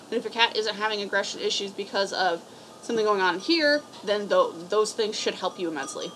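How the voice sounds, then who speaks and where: A woman's voice: mid-range voice, normal speed, noisy background. A woman from a cat rescue giving casual, blunt advice to camera, rambling and swearing freely.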